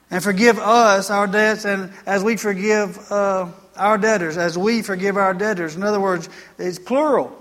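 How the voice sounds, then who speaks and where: A man's voice: sits high, fairly even intonation, normal speed, few pauses, fairly bright tone, in a large hall. A man preaching a sermon as pastor, earnest and folksy, repeating phrases for emphasis.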